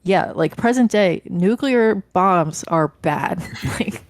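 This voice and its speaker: A woman's voice: on the low side, lively intonation, slow pace. A woman co-hosting a podcast, talking casually and thoughtfully about a film and searching for her words as she goes. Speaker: podcast co-host. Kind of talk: casual film review chat.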